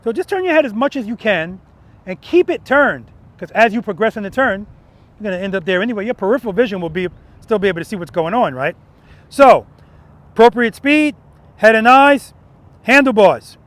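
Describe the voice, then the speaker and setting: Emphatic, high-voiced male riding instructor. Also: expressive, brisk. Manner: emphatic, repeats key points, asks "right?" often. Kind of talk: outdoor riding lesson. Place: outdoor parking lot practice area.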